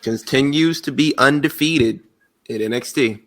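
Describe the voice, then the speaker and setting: A man co-hosting a podcast in casual, profane chat, jumping into quick impressions of others. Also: mid-range voice. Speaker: podcast co-host.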